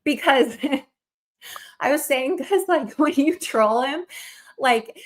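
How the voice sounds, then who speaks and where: A woman's voice: high-pitched, expressive, slow. Rambling, chatty woman on a stream. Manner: rambling with many fillers and laughs. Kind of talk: casual livestream chat.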